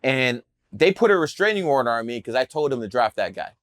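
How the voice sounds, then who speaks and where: A man's voice: medium pitch, sing-song, a little fast, fairly bright tone, no echo, studio quality. A man telling stories about his numerology career in a brash, profane, boastful way on a podcast. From Cleveland area, USA. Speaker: numerologist guest. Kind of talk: casual podcast storytelling.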